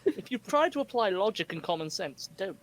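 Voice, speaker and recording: Male co-host, high voice, deadpan joker in a casual chat. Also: crowd noise. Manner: deadpan jokes, quick absurd asides. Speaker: podcast co-host.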